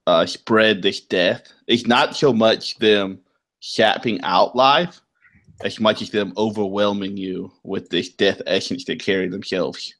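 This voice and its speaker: A man runs a tabletop game, describing the world to his players at a slow, deliberate pace. His voice sits on the lower side, and he fills gaps with plenty of ums and uhs as he thinks aloud. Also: fairly bright tone. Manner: unhurried, filler-heavy explaining. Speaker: game master.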